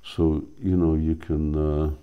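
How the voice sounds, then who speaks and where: A man, a spiritual teacher, reading a drama aloud and explaining it, halting as he searches for words. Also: rumbling low, little pitch movement, clear, resonant tone, narrow, tinny audio.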